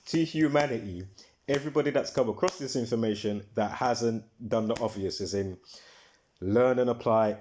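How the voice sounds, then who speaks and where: This video host has a somewhat low, mildly mellow voice, with a faint hiss or hum in the recording. His casual monologue wanders, packed with fillers, repetitions and restarts, and he curses when worked up.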